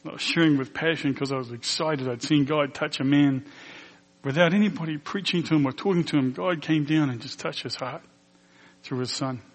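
A pastor shares a personal testimony during a sermon, his voice on the high side and a bit fast, earnest and emotional as he acts out the dialogue. Long reverb from the hall trails his words.

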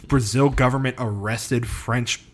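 A man of medium pitch speaks a little slowly with fairly even intonation. Co-hosting a casual podcast, he explains a history story, sprinkling in loose fillers and casual swearing.

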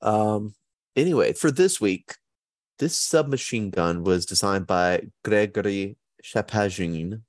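A man hosting a podcast in a casual, chatty way, easygoing and quick to joke at his own expense. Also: low voice, no room sound, clean studio sound. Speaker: podcast host.

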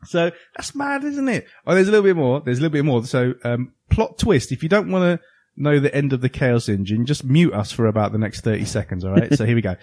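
A man co-hosting a casual retro gaming podcast, reading a game's plot aloud with jokey asides. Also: fast. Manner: animated, jokey, sudden jumps in pitch. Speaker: podcast co-host.

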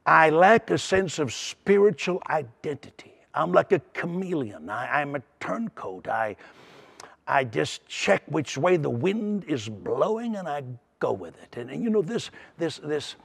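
A man's voice: a little high, sing-song, a little slow, creaky, breathy edge. A man preaching a sermon in an earnest way, often restarting and repeating words.

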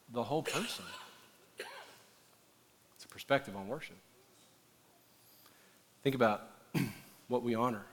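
A man preaching a sermon as pastor, animated and building at times to shouting. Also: mid-range voice. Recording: echoey hall reverb.

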